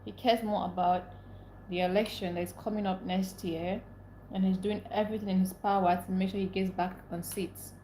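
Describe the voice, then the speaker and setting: A woman's voice: medium pitch, little pitch movement, moderate pace, mellow, reverberant, slight background noise, low-quality recording. Upset young woman ranting on a livestream. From Nigeria. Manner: emotional, ranting, greets viewers by name. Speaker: livestream host. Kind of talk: casual live-stream chat, reading comments.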